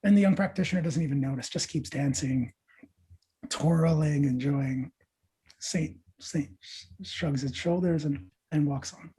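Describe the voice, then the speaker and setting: Husky, dark-voiced man telling a parable. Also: fairly high pitch, unhurried. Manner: animated storyteller, lively asides to listeners. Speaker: podcast guest, meditation teacher.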